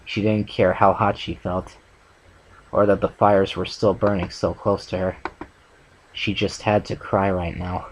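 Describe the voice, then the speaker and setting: A man's voice: low voice, level tone, a little slow, a little hiss or hum, low-quality recording. A man reading a fanfic aloud for his channel in a plain way, with a few stumbles and restarts. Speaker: channel host and fanfic reader.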